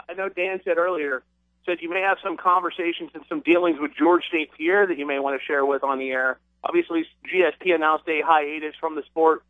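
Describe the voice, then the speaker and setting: A man's voice: a little high, dry recording. A man hosting a radio show, interviewing a guest in a casual way with some hesitations. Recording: tinny phone-band radio audio.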